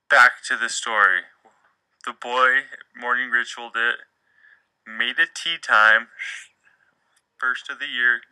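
Bright, profane young man podcasting. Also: lowish voice, clean tone, no room sound, rough recording. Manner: profane, rambling and jokey. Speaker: podcast host. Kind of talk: casual solo podcast storytelling.

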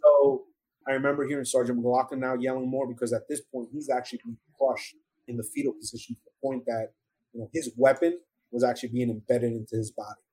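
A man's voice: medium pitch, fairly even intonation, quick pace, warm tone, husky, rough recording. A middle-aged man with a New York accent, earnestly telling his own survival story in an interview, with emotional restarts. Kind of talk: first-person testimony in an interview.

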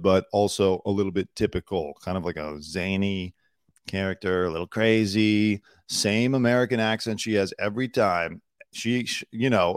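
With a somewhat low, darkish, smooth voice, a man runs through entertainment news, tossing in snarky, opinionated asides. His delivery is loose and casual, full of fillers and restarts, and the recording sounds close and dry.

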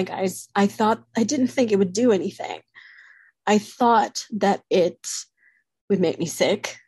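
Husky-voiced woman, candid and halting. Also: mid-range voice, darkish tone, dry recording. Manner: candid, halting, with frequent pauses and fillers. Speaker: vlogger. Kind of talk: personal confessional talk to camera.

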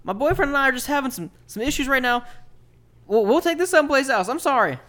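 Casual: guy doing a timid lil dwarf dude, high voice, stammery and sorry about everything. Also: animated, quick pace, pushed and bright, heavily acted. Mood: apologetic. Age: young adult. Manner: hesitant, stammering, apologetic. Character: timid young male dwarf, heartbroken, soft-hearted.

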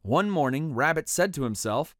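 A storybook narrator reading a children's picture book aloud with expressive delivery. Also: mid-range voice, normal speed, dry recording, clean studio sound.

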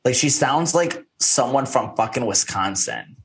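A man's voice: mid-range voice, animated, a little slow, slight background noise. A man co-hosting a podcast, recapping TV in casual chat, rambling with many fillers and some swearing. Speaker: podcast co-host.

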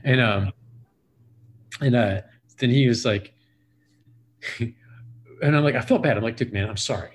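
A man's voice: mid-range voice, measured pace, long pauses, a little hiss or hum. A man in his forties, a podcast guest, telling a profane, rambling story full of "like" fillers. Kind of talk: casual storytelling.

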